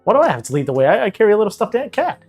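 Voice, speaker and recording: A man's voice: high-pitched, big pitch swings, racing, darkish tone, slightly rough, faint music behind. A man playing a tabletop role-playing game, bantering with the others in a playful, joking way. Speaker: player. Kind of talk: in-character banter.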